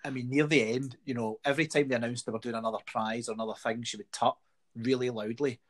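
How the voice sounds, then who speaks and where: A middle-aged man with a Scottish accent tells wry, swear-laden stories in an easy chat. His voice has a husky edge and sits at an ordinary pitch. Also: fairly even intonation, fast talker. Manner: wry storytelling, swears freely. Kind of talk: casual chat.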